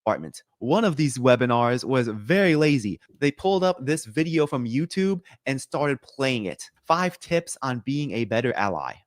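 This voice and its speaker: Male narrator, measured and matter-of-fact, dry recording, scripted delivery. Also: medium pitch, very animated, dry recording. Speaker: video narrator.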